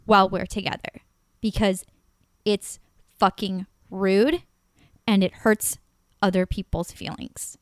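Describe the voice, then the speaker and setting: A woman who is a guest on a podcast, retelling a painful date in an animated, emotional way and swearing often. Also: medium pitch, slow pace, long pauses, no room sound, studio quality. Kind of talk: personal storytelling in a podcast chat.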